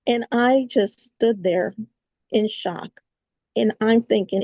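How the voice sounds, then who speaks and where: A woman guest on a podcast, telling a personal story in a halting way, with many restarts and fillers. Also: fairly high pitch, dark tone, no echo, highs cut off.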